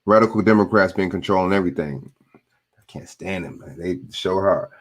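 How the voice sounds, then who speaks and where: Speaking at a normal speed in a low voice, this stream host gives casual, blunt commentary on clips. He swears freely and repeats himself while responding to chat.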